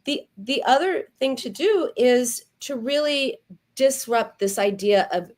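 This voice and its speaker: A woman therapist, a guest on an interview show, giving lively advice and acting out quoted self-talk. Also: sits high, measured pace. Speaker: eating disorder therapist, guest. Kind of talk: conversational advice.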